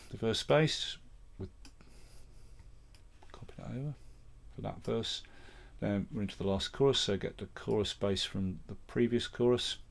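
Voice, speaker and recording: A man's voice: mid-range voice, creaky. Midlands man walking through a music tutorial. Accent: English Midlands. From English Midlands. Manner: step-by-step, matter-of-fact talk-through. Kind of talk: screen-recorded software tutorial. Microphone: vocal mic set up close and loud.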